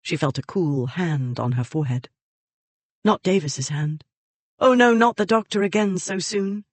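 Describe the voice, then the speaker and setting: A measured audiobook narrator of middling pitch, reading in a steady, even storytelling voice. The sound is dry and close, with no room around it. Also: dry recording. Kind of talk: scripted narration.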